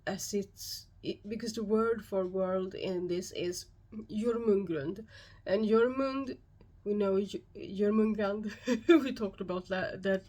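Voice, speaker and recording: A woman speaking English with a Swedish accent hosts her own channel and explains her topic to the camera. She takes her time, calm and measured with frequent pauses, in an unhurried, slow delivery at a middle pitch. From Sweden. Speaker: YouTube host and shamanic practitioner. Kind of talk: solo explanatory talk to camera.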